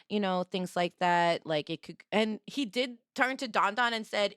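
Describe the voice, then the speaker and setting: Young woman streaming, telling a story, smooth voice, dry close mic, laughs a lot. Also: moderate pace, hardly any pauses, dry recording. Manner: animated, laughing, acting out quotes in high squeals.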